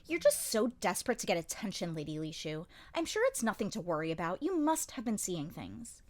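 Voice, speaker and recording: A woman's voice: mid-range voice, wildly swooping pitch, a little fast, darkish tone. Woman reader plays a nasal, self-important court lady, scornful and needling. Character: haughty, scornful lady-in-waiting, a young woman. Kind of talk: audiobook character reading.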